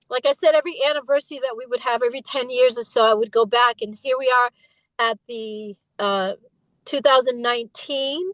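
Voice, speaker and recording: A woman's voice: high-pitched, a bit bright, dry recording, rough recording. A middle-aged woman speaking as an interview guest, emphatic and impassioned, slipping into imitations when she retells what others said. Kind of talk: candid interview conversation.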